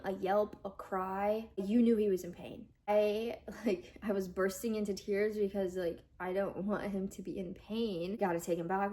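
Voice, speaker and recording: A woman's voice: mid-range voice, dark tone. Emotional young woman telling a story. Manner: emotional, voice rising as she nears tears; chatty, many fillers like "like". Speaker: vlogger. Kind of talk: personal storytelling vlog.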